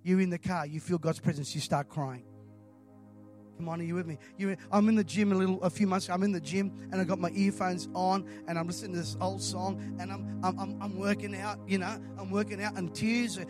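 A man delivers a passionate sermon in a church. His voice sits fairly high, and he builds to loud, emphatic appeals. Soft music plays faintly behind him. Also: fairly even intonation, a little fast. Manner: impassioned, rising to loud emphatic calls. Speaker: preacher.

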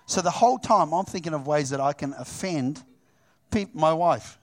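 Animated high-voiced male preacher. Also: normal speed. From New Zealand. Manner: animated storytelling, acts out both sides of dialogue. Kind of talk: sermon with personal story.

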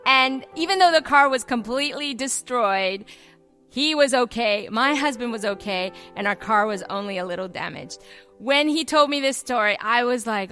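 A middle-aged woman pastor preaching a sermon, telling personal stories in an animated way and acting out the voices she quotes. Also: on the high side, normal speed, soft background music.

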